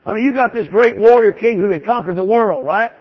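High-voiced folksy preacher. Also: male voice, brisk, husky, dry recording, highs cut off. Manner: folksy, emphatic, repetitive. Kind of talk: sermon.

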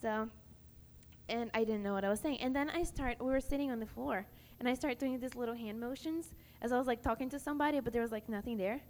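A woman's voice: on the high side, quick pace, darkish tone. Chatty young woman, echoey hall. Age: young adult. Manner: chatty, full of "like". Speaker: panel speaker. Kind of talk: testimony to a youth audience. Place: large hall at a youth camp. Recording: echoey hall, faint background noise.

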